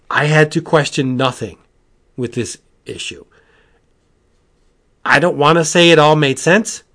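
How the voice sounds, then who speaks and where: Podcast host, male, mid-pitched, rambling and animated, full of asides. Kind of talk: casual comic book review.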